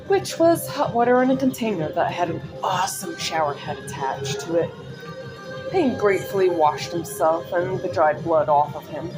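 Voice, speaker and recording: Woman reading her story over music. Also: on the low side. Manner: chatty, breaks off into personal asides and laughs at her own stumbles. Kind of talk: casual story reading with asides.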